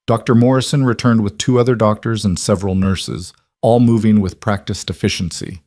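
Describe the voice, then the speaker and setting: Low-voiced man narrating a story. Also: steady tone, fairly quick, hardly any pauses, a little mellow, dry recording, studio quality. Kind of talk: scripted narration.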